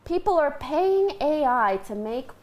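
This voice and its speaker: A young woman chatting as a guest in a kitchen, animated and blunt, laughing often and swearing freely. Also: high-pitched, measured pace, dull audio. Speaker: guest streamer. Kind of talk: casual chat.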